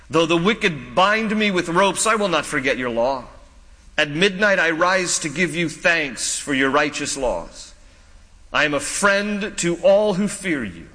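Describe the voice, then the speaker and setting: A man's voice: fairly high pitch, sharp tone, in a large hall. A man preaching a sermon, earnest and pleading, rising to urgent questions, then teaching in a conversational way. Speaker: pastor.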